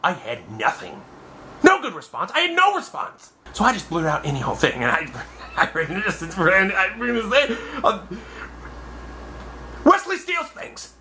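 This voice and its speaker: A young man telling a comic personal anecdote in an animated, exaggerated way. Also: high voice, normal speed, a little hiss or hum. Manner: animated, exaggerated, acts out voices. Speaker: storyteller.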